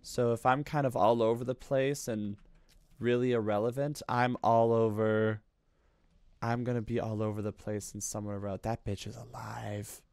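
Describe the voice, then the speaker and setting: A man streaming games who yells, yelps and swears at what happens on screen. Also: medium pitch, little pitch movement, moderate pace, creaky, clean tone, no echo, soft background music. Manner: loud yelps, screams and swearing at the game. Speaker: VTuber streamer. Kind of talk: gaming stream commentary.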